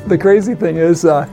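A man telling a funny story from his youth in a casual, animated way, laughing often and acting out the voices of others. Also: on the high side, vocal fry. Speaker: storyteller guest. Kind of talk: casual anecdote.

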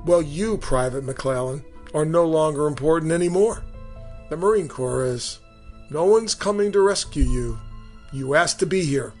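A cruel, taunting Marine drill sergeant, as a man reads him out in his story. He sneers and threatens, dropping at times into a close, hissing whisper. His voice sits fairly high for a man, with faint music behind it. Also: moderate pace, close to an everyday voice. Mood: contemptuous. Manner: sneering, taunting, swings from shouting to hissed whispers. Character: harsh male Marine drill sergeant, menacing. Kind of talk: storytelling narration.

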